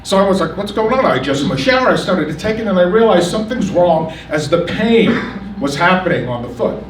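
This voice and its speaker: A man telling a comic personal story on stage and acting out the quotes with lively energy. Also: sits high, fairly quick, slight background noise. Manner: animated, comic, acts out the quotes. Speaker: storyteller at a community story event. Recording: echoey room, picked up from a distance.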